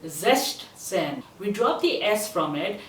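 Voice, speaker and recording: Slow, deliberate woman tutor in an echoey room. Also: mid-range voice, animated, recorded from a distance, slight background noise. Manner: slow, deliberate pronunciation drills. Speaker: German tutor. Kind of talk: language lesson with repeat-after-me drills.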